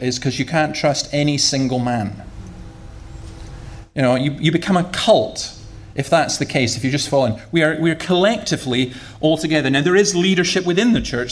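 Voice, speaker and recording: A man preaching a sermon in a conversational, humorous way, often repeating words as he goes. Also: a little high.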